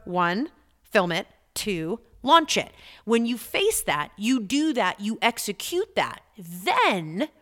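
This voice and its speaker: A middle-aged woman hosting a podcast as a business coach, talking in an energetic, chatty way and repeating points for emphasis. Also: mid-range voice. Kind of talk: motivational podcast talk.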